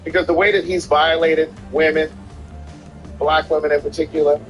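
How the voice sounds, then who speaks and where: A man's voice: on the high side, little pitch movement, moderate pace, fairly bright tone, faint music behind, poor audio. A man co-hosting a gaming stream in casual chat, opinionated and emphatic, often repeating himself as he makes his point. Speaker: streamer co-host.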